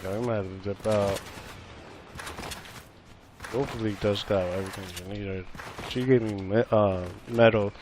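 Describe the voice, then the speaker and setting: A man's voice: fairly low pitch, fairly even intonation, normal speed, pauses often, background noise. A man streaming a live game with viewers, chatting loosely in a rambling, repetitive way with many fillers. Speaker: gaming streamer. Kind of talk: live gameplay commentary with viewers. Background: gunfire and game sounds.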